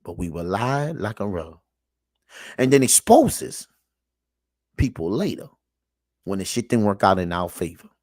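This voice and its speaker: A man hosting his own show and reacting to clips with preachy commentary. He repeats himself, calls out to his audience, and swings from low muttering to loud emphatic shouting. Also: big pitch swings, unhurried, pauses often, no room sound, studio quality.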